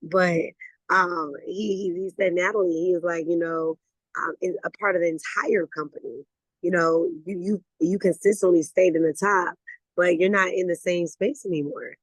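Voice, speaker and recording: Animated woman on a dry video call. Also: on the low side, moderate pace, dry recording, rough recording. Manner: animated, conversational, repeats words, laughs while talking. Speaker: network marketing team leader. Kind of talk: motivational talk on a video call.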